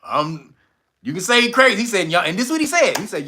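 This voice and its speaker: A man hosting a casual livestream, reading viewer comments and reacting loudly with profanity and frequent laughter. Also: sits high, very animated, a little fast. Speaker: livestream host reading chat.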